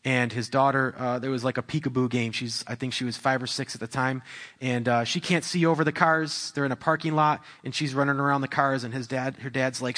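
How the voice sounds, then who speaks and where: A man's voice: mid-range voice, steady tone, brisk, a bit bright. A young adult man preaching a sermon into a microphone in a church, talking conversationally with restarts and building to raised intensity. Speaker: pastor. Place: church hall. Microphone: handheld or stand microphone.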